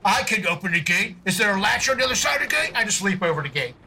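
A man playing a tabletop game, brash and profane, often shouting in character. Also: high-pitched, sing-song, rapid-fire, gravelly, noisy background. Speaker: player.

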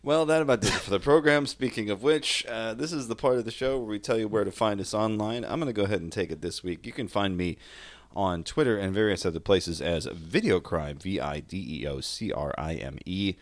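A man's voice: on the low side, brisk, no echo. A man hosting a casual comedy podcast, laid-back and dry, reading out the show's plugs. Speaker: podcast host.

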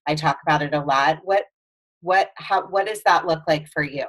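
A woman's voice: deep voice, moderate pace, fairly bright tone. A woman hosting a casual interview, enthusiastic and affirming toward her guest. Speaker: interview host.

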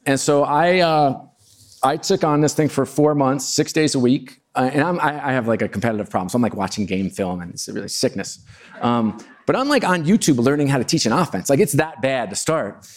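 A middle-aged man giving a storytelling talk to a live audience, chatty and self-deprecating with plenty of asides. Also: medium pitch. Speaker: keynote speaker.

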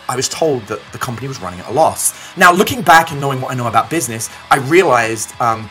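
A man's voice: mid-range voice, sharp tone, low-quality recording. A man telling a story to camera as a business coach, acting out the dialogue as he goes.

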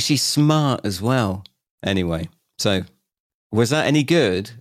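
A man in his forties, a podcast guest, chatting and telling animated stories, laughing often and acting out quoted voices. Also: fairly low pitch, takes it slowly, no room sound, clean studio sound. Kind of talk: casual storytelling chat.

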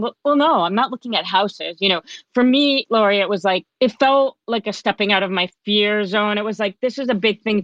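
A woman's voice: mid-range voice, a bit bright. A woman speaking as a podcast guest, telling her own story in a candid, chatty way. She acts out the lines she quotes. Her voice sounds a little dull and dry, with no room echo. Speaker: podcast guest, author and coach. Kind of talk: personal storytelling in a conversation.

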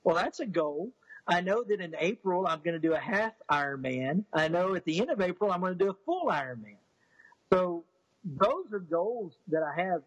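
A man telling a long, rambling personal story in an interview, full of restarts and fillers, and lively when he quotes other people. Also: high-pitched, moderate pace, breathy edge, dry recording, poor audio. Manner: animated when quoting others. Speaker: interview guest. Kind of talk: casual storytelling.

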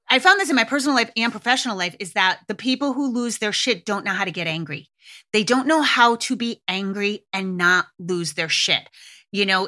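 A woman's voice: medium pitch, pushed and bright. A middle-aged woman hosting a parenting podcast, talking candidly and swearing freely in a casual monologue.

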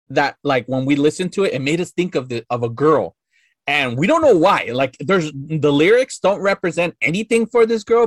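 A man in his thirties tells a story as a podcast guest, rambling and swearing freely, with "like" in nearly every sentence. His voice sits a bit high for a man, and the recording is dry and close with no room sound. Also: fairly bright tone, no room sound. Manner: rambling, profane, full of "like" fillers. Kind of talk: casual storytelling.

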